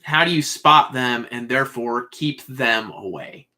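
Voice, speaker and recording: A man's voice: mid-range voice, unhurried, sharp tone. A man telling a long personal story in a loose, meandering way, full of "like" and "uh". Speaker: speaker sharing a spiritual vision.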